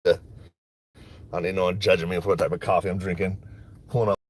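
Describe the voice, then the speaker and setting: A stock market vlogger chats on a phone livestream about his stock picks while driving and waiting in a coffee shop line. His voice is low and a little breathy, and he talks fast with a flat delivery. He's laid-back and rambling, joking, swearing freely and laughing often.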